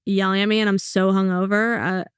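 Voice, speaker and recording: A young woman, a comedian talking casually and bluntly as a guest, telling stories and slipping in quick quoted asides. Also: medium pitch, little pitch movement, smooth, dry recording, clean studio sound. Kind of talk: casual interview chat.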